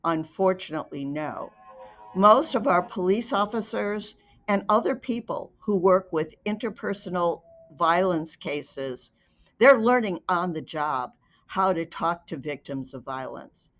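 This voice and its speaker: A woman narrates a story at a very slow, deliberate pace, weighing each phrase. Her tone is earnest, and the recording is dull and lo-fi. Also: fairly low pitch, fairly bright tone, faint music behind. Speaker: advocate narrator.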